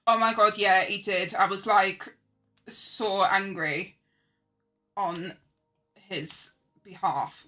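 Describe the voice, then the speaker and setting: A young woman with a voice on the high side chats casually on stream while drawing, bright and forthcoming. She pokes fun at herself, laughs easily, and answers her chat as faint music plays underneath.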